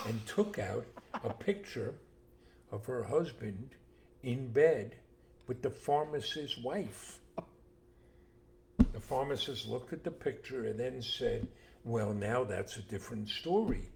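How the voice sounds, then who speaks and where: An older man co-hosting a casual chat, telling jokes and stories with animated voices for the characters. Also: medium pitch, unhurried, vocal fry, long pauses, slight background noise. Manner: animated storyteller acting out voices. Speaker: co-host, father.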